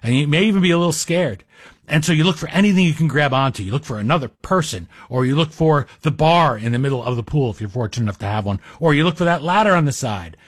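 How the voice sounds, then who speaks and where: A man's voice: a little high, expressive, fast talker, no room sound. A man guest-hosting a talk radio show, speaking in a rambling, self-deprecating, conversational monologue into a studio microphone.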